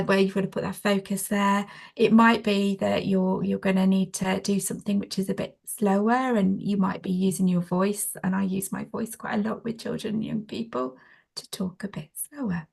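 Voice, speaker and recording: A woman, speaking as a trainer in a conversational interview, practical and animated, with many fillers and restarts. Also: medium pitch, vocal fry. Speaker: trainer, guest.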